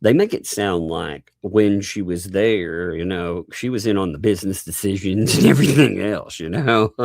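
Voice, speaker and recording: A man's voice: low voice, moderate pace, hardly any pauses. A man with a Southern accent hosting a casual live stream, talking animatedly and laughing as he goes. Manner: animated, laughing, mocking voices in asides. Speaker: host.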